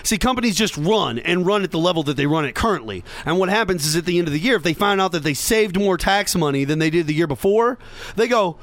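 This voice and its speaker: A sarcastic man holds forth in a solo political podcast rant, voice sitting a touch high for a man. He slips into mocking asides and talks straight to his listeners. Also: animated, fast, a bit bright, dry recording. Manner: sarcastic, mocking impressions of others. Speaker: podcast host. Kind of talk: opinionated political monologue.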